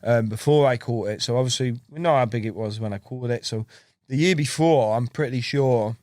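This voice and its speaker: A man spins a long, rambling story as a podcast guest, jumping into the voices of the people he quotes. His voice sits at an ordinary pitch for a man, and the recording is dry and close with no room around it. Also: fairly quick, darkish tone, dry recording. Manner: rambling storyteller who acts out quotes and laughs often. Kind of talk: casual chat.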